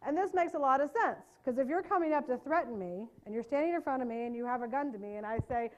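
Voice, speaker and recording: A woman trainer giving a workshop talk. Her voice sits a little high, and she stays lively and conversational, tossing quick tag questions to the room to keep people with her. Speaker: trauma-informed care trainer. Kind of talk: live workshop lecture.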